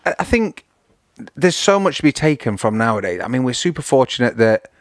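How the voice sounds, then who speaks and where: A man's voice: medium pitch, a little fast, no echo, studio quality. A man, a podcast guest chatting casually, telling stories and acting out the people in them. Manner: animated storyteller who acts out voices. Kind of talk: casual chat.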